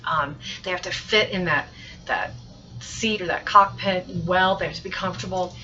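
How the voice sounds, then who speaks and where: Bright-voiced woman teacher explaining reading fluency. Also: on the low side, normal speed, slight background noise. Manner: explains through examples and acts out sample lines; repeats and restarts phrases while thinking aloud. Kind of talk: recorded mini-lesson. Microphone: laptop webcam mic. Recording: muffled lo-fi webcam recording.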